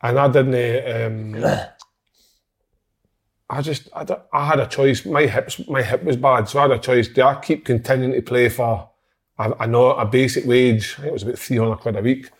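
Former footballer, thirties, Scottish; relaxed, reflective chat, middle pitch. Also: male voice, slightly rough. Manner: reflective, unhurried storytelling with swearing. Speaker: former footballer, podcast regular. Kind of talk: casual chat.

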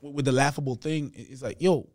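A man's voice: medium pitch, moderate pace, darkish tone. A man, a comedian guest, talking emphatically and repeating his points in casual chat. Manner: emphatic, repetitive, philosophizing.

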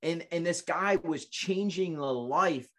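Slow and a bit bright, this late-twenties man's voice runs on the high side. As a guest in an interview, he relates his life story earnestly and with emotion, making frequent restarts.

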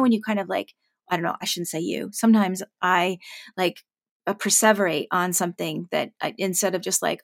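A middle-aged woman speaks as a guest on a parenting podcast, rambling warmly through anecdotes with many filler words. Her voice carries a gravelly, creaky texture. The sound is dry and close. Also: mid-range voice, no echo. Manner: chatty storyteller, heavy use of filler words. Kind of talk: casual interview chat.

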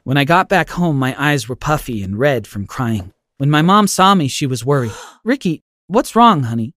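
Expressive male story narrator. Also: mid-range voice, moderate pace, no echo.

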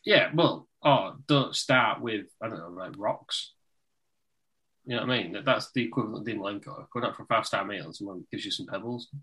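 A man's voice: fairly low pitch, brisk, pushed and bright. A man co-hosting a casual wrestling podcast chat, rambling and laughing often. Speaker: podcast co-host.

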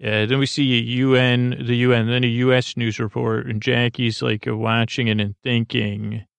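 A man hosting a bedtime podcast, retelling a TV episode in a halting, rambling way with many fillers and restarts. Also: mid-range voice, flat delivery, gravelly, a bit bright, clear, resonant tone, no room sound. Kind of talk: sleepy rambling recap.

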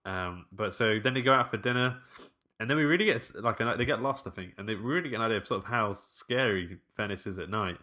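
A man's voice: lowish voice, fast, sharp tone. A man in casual film podcast chat, telling the story loosely and laughing a lot. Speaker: podcast co-host.

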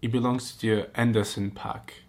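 Man, podcast host, husky, comic reaction reading, snarky interruptions. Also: on the low side, little pitch movement, normal speed. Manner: giggly, mocking asides while reading aloud.

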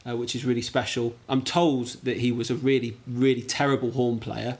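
A man's voice: mid-range voice, flat delivery, brisk. A man from England, a podcast guest chatting casually and self-deprecatingly, with hesitant fillers and easy laughter. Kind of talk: casual interview chat.

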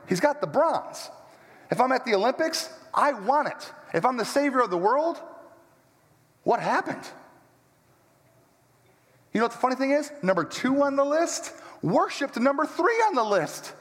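A man preaching a sermon as pastor, animated and emphatic, with joking asides, walking around as he speaks. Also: extremely high pitch, normal speed. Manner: walks around while preaching. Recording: long church-hall reverb.

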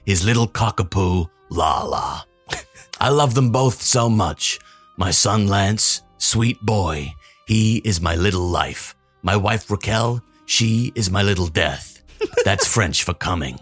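A man voicing a pompous older billionaire as a Canadian mob boss, slow and menacing, in a comic monologue over faint music. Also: low voice, lively intonation, fairly bright tone, breathy edge, exaggerated voice. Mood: smug menacing. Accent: Canadian, put on.

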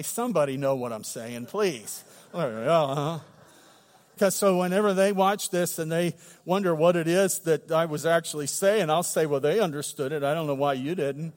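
A middle-aged man preaching a sermon as pastor, conversational and humorous, swelling into loud emphatic bursts. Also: high-pitched, long reverb tail. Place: church sanctuary.

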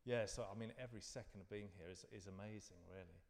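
A man in his fifties from London, chatting as a guest in a live interview. He tells reflective, wandering stories, often restarting his sentences, in a low voice. A long reverb from the venue trails behind him. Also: fairly even intonation, quick pace, creaky, a little mellow. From London, England. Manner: rambling, reflective storytelling with frequent restarts. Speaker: guest performer.

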